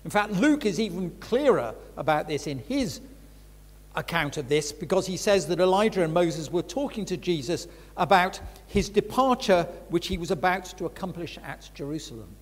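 The older male preacher's voice sits high, with lively intonation at normal speed. He delivers a reflective Bible teaching talk in a frank, conversational way, punctuated by emphatic stresses. A large hall adds long reverb.

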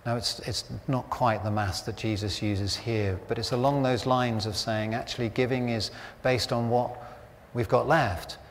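A man in his fifties gives a sermon in a relaxed, anecdotal way, slipping in dry jokes. His voice sits at a middle pitch. It rings out through a church with a long reverb and a faint hum of ambience behind it. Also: measured pace, few pauses. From Britain. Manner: chatty, anecdotal, wry humour. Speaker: pastor.

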